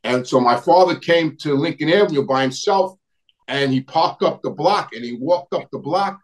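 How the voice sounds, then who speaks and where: Telling family stories as a guest, this middle-aged man talks loosely and at length, trailing off, starting sentences over, and stopping to recall names. His pitch leans slightly high, and the audio quality is low.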